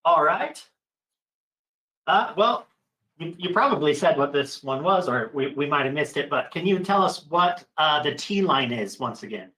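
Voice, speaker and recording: A man moderates a webinar Q&A, passing on audience questions with upbeat energy and a few hesitant um's. His voice is bright and a touch higher than most. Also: lively intonation, normal speed, rough recording.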